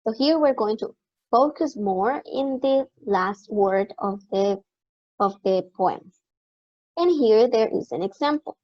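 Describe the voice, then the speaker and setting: A woman teacher giving a recorded online lecture, explaining step by step and repeating key words slowly. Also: a little high, animated. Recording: dull lo-fi recording.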